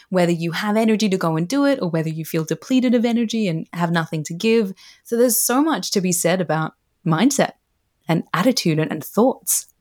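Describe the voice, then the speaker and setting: A woman's voice: fairly low pitch, darkish tone. A woman who is a podcast guest and a researcher, explaining ideas earnestly with frequent "you know"s. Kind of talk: casual conversational interview.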